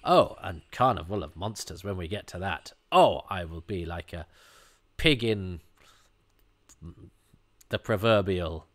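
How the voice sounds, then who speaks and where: A man's voice: low voice, unhurried, long pauses. Chatty man rambling through a commentary. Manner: chatty and rambling, many restarts, animated asides. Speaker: episode commentator. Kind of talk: watch-along commentary.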